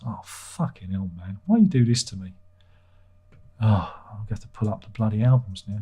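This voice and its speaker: A man's voice: on the low side, moderate pace, mellow, husky. A man hosting a livestream, reading out viewer comments in a rambling, self-deprecating way and swearing casually. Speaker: livestream host.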